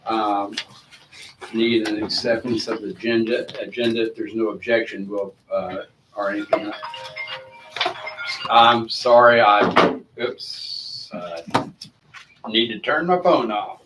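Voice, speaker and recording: A man chairs a committee meeting in a friendly, rambling way, often stopping to apologize. His voice sits a little low and comes from some distance in an echoey meeting room, with a faint hiss underneath. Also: takes it slowly, long pauses, over music.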